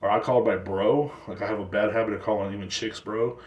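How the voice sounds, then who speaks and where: A man's voice: on the low side, steady tone, fast talker, darkish tone, dull audio. Rambling profane man, roomy distant sound. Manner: loose, slangy and profane, with rambling restarts. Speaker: show host. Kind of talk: casual rant on a stream talk show.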